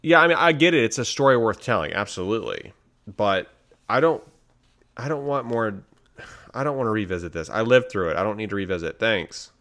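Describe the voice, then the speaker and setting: A man co-hosting a casual chat about trailers, blunt, sarcastic and quick to dismiss. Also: lowish voice, lively intonation, a bit bright. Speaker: podcast co-host.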